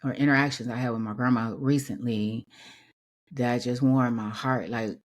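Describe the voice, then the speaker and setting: A woman's voice: extremely low pitch, steady tone, moderate pace. A woman with features hosting a podcast, speaking candidly and emotionally in a conversational monologue full of fillers. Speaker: podcast host. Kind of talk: personal reflective monologue.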